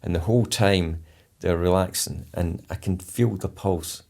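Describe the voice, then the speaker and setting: A man, a polar explorer, talking in an interview and telling a story vividly, calmly and deliberately stressing key words. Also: deep voice, creaky. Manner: vivid storyteller who re-enacts his own instructions. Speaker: polar explorer and charity founder, interview guest.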